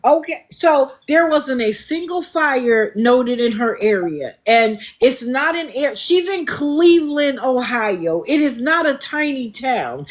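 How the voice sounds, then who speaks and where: Slow-talking indignant woman livestreaming. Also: high voice, lively intonation. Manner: indignant, accusing. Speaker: livestream host. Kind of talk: casual livestream chat.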